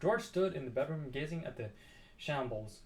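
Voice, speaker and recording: A man reading a children's book aloud, expressive with dramatic pauses. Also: fairly high pitch. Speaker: storybook reader.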